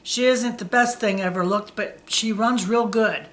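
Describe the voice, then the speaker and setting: A woman's voice: mid-range voice, unhurried, a bit bright, lightly acted. A woman voicing a kindly old male gas station owner who talks in a folksy, plain-spoken way in a read-aloud story.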